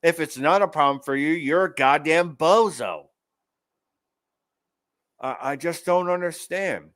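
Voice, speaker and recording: A man's voice: on the high side, expressive, measured pace, a bit bright, no echo. A man hosting an online commentary show, ranting angrily about news clips with profanity and sarcasm. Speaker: show host.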